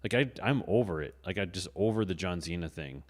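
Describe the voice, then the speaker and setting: A man co-hosting a casual movie-review podcast, laid-back and quick to laugh. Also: low voice, lively intonation, big-room sound. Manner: laid-back, laughs often, trailing asides. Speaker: podcast co-host.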